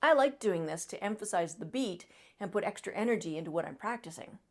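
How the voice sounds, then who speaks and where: A woman explains trumpet technique in an encouraging, coaching way, talking the listener through breathing and practice step by step. Her voice sits at an ordinary middle pitch for a woman. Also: animated, fairly quick, faint music behind. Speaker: trumpet teacher. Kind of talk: instructional video talk.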